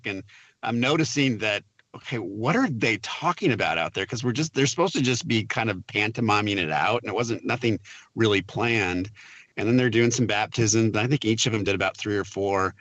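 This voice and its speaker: A man, a film producer, telling a lively behind-the-scenes story in an interview, acting out the quoted lines. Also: fairly low pitch, no echo, highs cut off. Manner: animated storyteller, acts out quotes with laughs.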